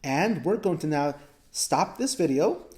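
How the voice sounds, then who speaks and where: A woman leads a phonics lesson for young readers at an unhurried pace. She sounds out each short word and repeats it several times, with steady encouragement. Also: deep voice. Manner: slow, encouraging, sounds out words and repeats them. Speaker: reading teacher. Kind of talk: phonics lesson for parents and children.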